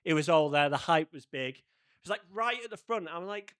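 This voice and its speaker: A man tells a travel story in a casual podcast chat. His voice sits a little high, and he plays out every exchange he recounts in an animated way. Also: brisk, clean tone. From Manchester, England. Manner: animated, acts out quoted voices in his anecdotes. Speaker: podcast co-host.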